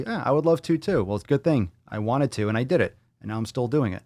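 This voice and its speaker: A man's voice: mid-range voice, animated, fast, few pauses, warm tone, dry recording, studio quality. A man hosting a fitness podcast in a blunt, profane, motivational way. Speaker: podcast host. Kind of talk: casual podcast monologue.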